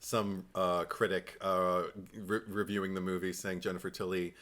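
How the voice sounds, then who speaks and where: A man co-hosting a casual podcast, talking in an animated, playful way and laughing often. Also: sits low, moderate pace. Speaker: podcast co-host.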